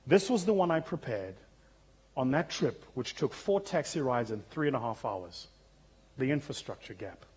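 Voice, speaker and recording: A South African man with a husky, slightly rough voice delivers a keynote on a conference stage. His pitch sits in a normal middle range, and his storytelling is humorous, vivid and conversational, as if talking straight to the audience through a stage microphone. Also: animated, moderate pace, a little mellow. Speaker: keynote speaker.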